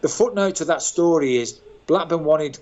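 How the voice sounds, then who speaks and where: A man in his sixties tells lively, self-mocking stories as an interview guest, his voice sitting a bit high for a man. The sound is dull and lo-fi, like audio from a call. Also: normal speed. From England, Birmingham. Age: 60s. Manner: animated, self-mocking anecdotes. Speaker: guest, former footballer. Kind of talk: storytelling interview.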